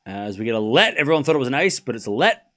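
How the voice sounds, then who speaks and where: A man's voice: medium pitch, very animated, very fast, a bit bright. A man hosting a live tennis watchalong stream, calling scores casually between chatty, laughing asides, swearing freely. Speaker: stream host. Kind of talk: live sports watchalong commentary.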